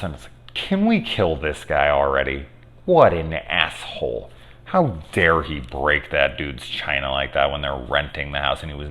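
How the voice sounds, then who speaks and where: A man's voice: sits low, fairly bright tone. A man casually reviewing a movie with spoilers, rambling and swearing, with lots of ums and restarts. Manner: rambling, profane, many fillers.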